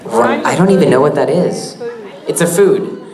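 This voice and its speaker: A man answering audience questions on a convention panel, joking and teasing himself in a quick, easygoing way. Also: a little high, animated. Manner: joking, self-mocking, quick. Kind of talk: casual Q&A on stage. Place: convention hall stage. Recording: echoey hall with crowd.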